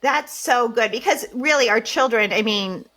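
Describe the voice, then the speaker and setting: Woman, 30s, podcast host; slightly raised pitch, relaxed conversational interviewer. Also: moderate pace. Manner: warmly conversational, asks open questions. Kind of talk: casual interview chat.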